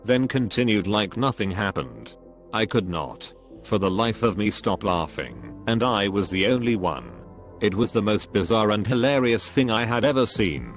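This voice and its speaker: A man narrating a string of short reader stories in an even, scripted reading. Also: lowish voice, normal speed. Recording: faint music behind the voice. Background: faint background music.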